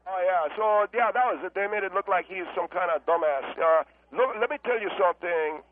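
A man's voice: sits high, fairly quick. A man calling in to a talk radio show, speaking bluntly and rambling with fillers. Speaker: caller. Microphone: telephone. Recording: tinny phone line.

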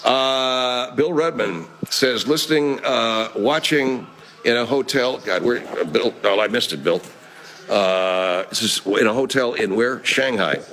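A man's voice: lowish voice, measured pace, fairly bright tone, slight background noise. A middle-aged man, a voice actor, hosting a casual live-stream chat, reading comments in a profane, rambling, laid-back way.

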